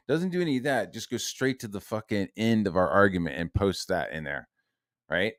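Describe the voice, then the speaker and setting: A man's voice: medium pitch, lively intonation, fairly quick, no room sound, studio quality. A man ranting in a heated, profane and sarcastic monologue. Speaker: online commentator.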